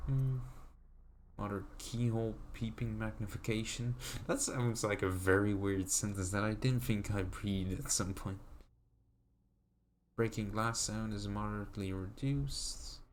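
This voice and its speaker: A man streaming a video game, quietly reading menu options aloud and thinking out loud in a casual, mumbled way. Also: lowish voice, measured pace, a little hiss or hum. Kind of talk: casual gameplay commentary.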